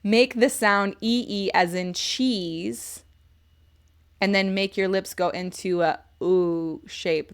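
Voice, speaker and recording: A woman in her thirties chatting casually on a live stream, reviewing a book, joking at herself and reading chat comments aloud. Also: fairly low pitch. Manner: chatty and self-mocking, reads chat aloud.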